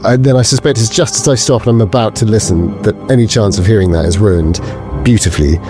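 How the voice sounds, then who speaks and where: A man's voice: fairly low pitch, fast talker, over music. A man playing a tabletop horror game, wordy and self-deprecating. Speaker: player.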